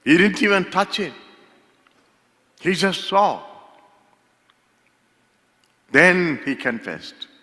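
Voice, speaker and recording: A man from India preaching a sermon as pastor, slow and emphatic, repeating key phrases for weight. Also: sits high, lively intonation, pushed and bright. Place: church sanctuary. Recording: long hall reverb.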